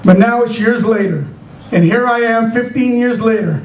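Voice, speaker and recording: High-pitched middle-aged guy from san francisco doing stand-up, acting out all the voices, echoey club mic kinda far off. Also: moderate pace, slight background noise. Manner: animated storytelling, acting out characters in raised voices. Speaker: stand-up comedian. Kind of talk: stand-up comedy set. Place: comedy club stage.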